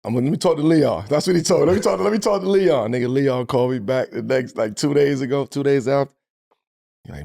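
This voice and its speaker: A man's voice: mid-range voice, fast talker, creaky, mellow. A man hosting a podcast, telling a story in casual chat and laughing often. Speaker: podcast host.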